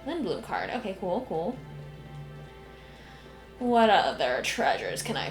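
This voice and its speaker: A young woman streaming a video game, chatting casually and emotionally with lots of fillers and soft laughs. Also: mid-range voice, big pitch swings, takes it slowly, pauses often. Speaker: gaming streamer. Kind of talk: casual let's-play commentary. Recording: echoey room, game music behind.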